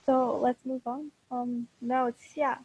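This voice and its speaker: A woman's voice: fairly high pitch, steady tone, measured pace, darkish tone, husky, muffled recording. A woman giving a casual spoken lesson, thinking aloud with fillers as she explains. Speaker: language teacher.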